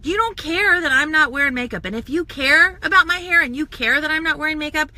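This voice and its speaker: A woman talking casually to viewers in a live stream, chatty and energetic, speaking straight to the camera. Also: high-pitched, fairly quick, no room sound. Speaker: social media coach and makeup seller.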